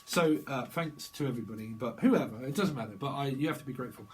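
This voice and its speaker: This tarot reader, a middle-aged man, talks quickly in a medium pitch, wandering loosely between thoughts and slipping into playful voices. The recording is poor, with a little hiss or hum.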